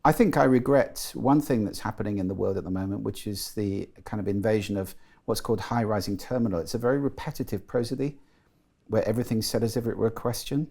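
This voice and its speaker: Man, middle-aged, low gravelly voice, mellow tone, articulate, enthusiastic interview guest. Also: fast talker, few pauses. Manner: articulate and enthusiastic, demonstrates voices while explaining. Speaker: guest, voice and sound expert. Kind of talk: explanatory interview talk.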